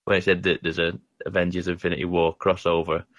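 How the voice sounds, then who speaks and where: A man with a deep, low-pitched voice chats casually about video games. He rambles and stumbles over his words, often poking fun at himself, and sounds close and dry. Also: level tone, a bit bright, no room sound, muffled recording. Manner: rambling, halting, self-deprecating. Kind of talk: casual gaming chat.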